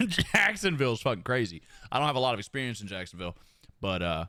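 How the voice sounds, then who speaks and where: A man with a Southern US twang chats loosely with his viewers. He swears freely, laughs often and lets his pitch swing widely. His voice is close on the mic and sounds dry. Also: very animated, fairly quick, bright, forceful tone, no room sound. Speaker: streamer. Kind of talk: casual chat with viewers.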